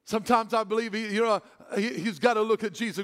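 A male pastor preaching a sermon, swinging between loud, excited preaching and hushed, tender speech. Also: very high voice, fairly quick, hardly any pauses, big-room sound. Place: church hall.

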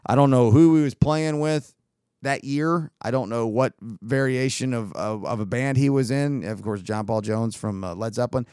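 In a studio-quality, echo-free recording, a podcast host with a smooth, mid-range voice speaks at a moderate pace. He rambles through a long festival story, animatedly performing the dialogue he quotes.

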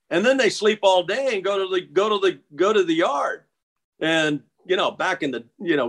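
A middle-aged man with a voice pitched a little above the usual, talking casually and reminiscing. He stumbles and restarts often and repeats words as he searches for the thread. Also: fairly bright tone. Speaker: interview guest. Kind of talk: casual storytelling.

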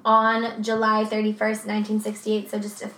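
A woman's voice: medium pitch, monotone, moderate pace, fairly bright tone, roomy sound. A woman co-hosting a true crime podcast in a casual, swearing, laughing chat. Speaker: podcast co-host.

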